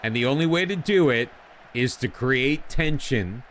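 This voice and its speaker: A man talks through his own game in a slow, drawn-out way, his pitch leaping around as frustration builds. He grumbles and argues with the game itself. A faint hiss of noise sits under the voice. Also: expressive, fairly bright tone. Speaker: gaming channel host. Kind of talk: casual game commentary.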